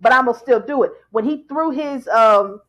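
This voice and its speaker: High-voiced, enthusiastic woman. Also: moderate pace, noisy background. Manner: enthusiastic, laughs often, repeats words. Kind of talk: casual chat.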